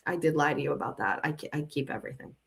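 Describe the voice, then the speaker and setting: A woman's voice: very fast, gravelly. A woman hosting her own show, talking bluntly and swearing, her voice rising as she gets indignant. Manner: blunt and swearing, pitch climbing when indignant. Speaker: host. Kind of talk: casual monologue reading text messages aloud.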